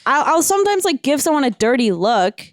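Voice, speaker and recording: A woman co-hosting a podcast in casual chat, reacting quickly with animated comments. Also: high voice, no echo, studio quality. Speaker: podcast co-host.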